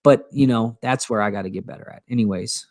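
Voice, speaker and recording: A man's voice: mid-range voice, fast talker, a little mellow, no room sound, clean studio sound. Earnest man co-hosting a motivational talk. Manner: earnest, restarts often. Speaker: co-host.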